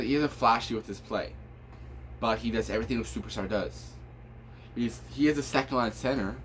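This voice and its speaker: A man's voice: lowish voice, fairly bright tone, slight background noise. Rambling man giving hockey opinions. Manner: rambling, frequent fillers and restarts. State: tired, yawning. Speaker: hockey commentator. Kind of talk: casual unscripted opinion video.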